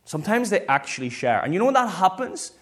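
A man, a pastor preaching a sermon in a lively, conversational way. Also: high voice, quick pace.

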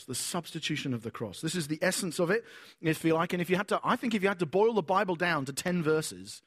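High-voiced man preaching a lively sermon. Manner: animated storytelling, acting out voices.

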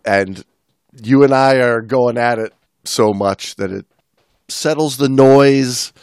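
A man's voice: medium pitch, slow, a little mellow, smooth, no room sound, clean studio sound. Chatty Midwestern man hosting a podcast. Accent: American Midwestern. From American Midwest. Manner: chatty, reads listener mail aloud, laughs at own jokes. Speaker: podcast host. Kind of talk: casual chat.

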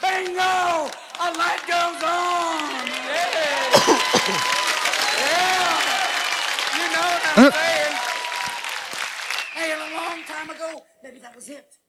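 A man performing a comedy sermon as a manic evangelical preacher, booming and preachy with shouted exclamations. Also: takes it slowly, pauses often, full character voice. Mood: preaching. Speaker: stand-up comedian. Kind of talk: comic sermon parody. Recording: live show with loud crowd and noise.

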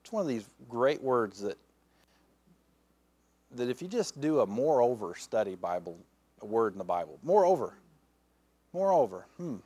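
A man preaching a folksy, lively sermon, with playful asides to the congregation. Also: mid-range voice, moderate pace, long pauses, husky, no echo. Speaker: pastor. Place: church sanctuary.

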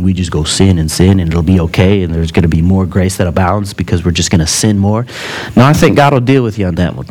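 A man preaching a sermon in a relaxed, conversational way, with joking asides between earnest points. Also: lowish voice.

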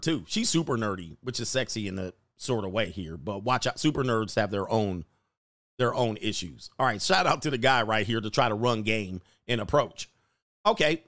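A man's voice: mid-range voice, no echo, studio quality. Joking man riffing on news. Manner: loud, joking, slangy, reads articles aloud. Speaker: livestream host. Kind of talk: casual commentary on news.

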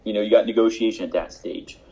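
A man's voice: fairly low pitch, steady tone, quick pace, vocal fry, warm tone, husky. A man casually telling a travel story with a friend on a podcast, wry and dry in delivery. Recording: dull lo-fi sound.

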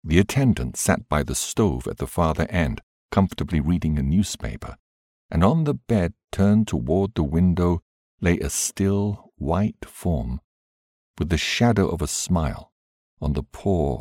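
A man narrating an audiobook in a measured, expressive reading. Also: low voice, slightly rough, dry recording, clean studio sound.

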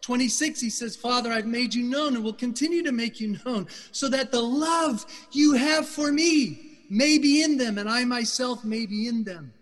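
Brief: middle-aged male preacher, fervent and emphatic, fairly high voice, echoing sanctuary. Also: normal speed, hardly any pauses. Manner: passionate, loud and emphatic. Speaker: guest speaker. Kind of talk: sermon. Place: church sanctuary. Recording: reverberant church hall.

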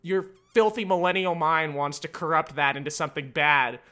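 Bright-voiced man hosting a casual podcast. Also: fairly high pitch, normal speed, smooth. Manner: wry, rambling, frequent laughs and hedges. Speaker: podcast host.

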